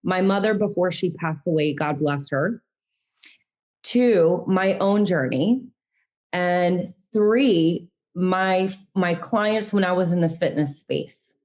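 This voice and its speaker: A woman guest on a video-call interview, telling her story in an earnest, reflective way that sometimes slows right down. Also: fairly low pitch, a little mellow. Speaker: guest mindset coach.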